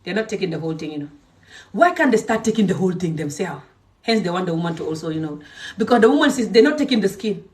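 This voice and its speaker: A woman from Gambia giving an angry, emphatic rant to her followers, swinging between loud outbursts and low muttering. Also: big pitch swings, quick pace, recorded from a distance. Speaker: social media creator. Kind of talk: angry direct-to-camera rant.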